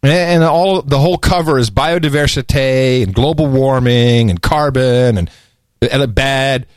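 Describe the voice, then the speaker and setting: A man hosting a podcast in casual chat, animated and mocking, often slipping into sarcastic voices. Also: medium pitch, measured pace, no echo, clean studio sound. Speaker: podcast host.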